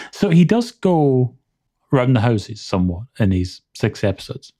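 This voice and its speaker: A man co-hosting a podcast in casual chat, enthusiastic and quick to laugh, often restarting his sentences. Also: medium pitch, mellow. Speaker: podcast co-host.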